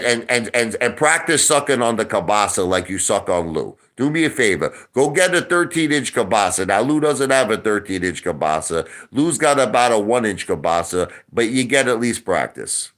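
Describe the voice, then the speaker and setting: A man's voice: fairly low pitch, big pitch swings, normal speed, hardly any pauses, fairly bright tone. A middle-aged man ranting on a livestream, boastful and mocking, with crude insults and repeated lines. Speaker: online video host.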